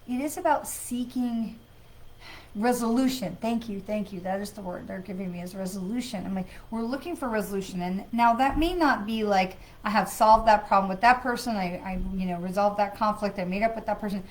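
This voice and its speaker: A woman's voice: medium pitch, a little fast, low-quality recording. A woman, a psychic medium, hosting a live card reading in a chatty way, with sighs and filler words. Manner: conversational, with frequent fillers and sighs; greets viewers by name.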